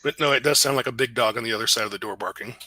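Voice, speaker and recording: A man narrating as game master, relaxed and chuckling. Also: mid-range voice, rapid-fire, no room sound.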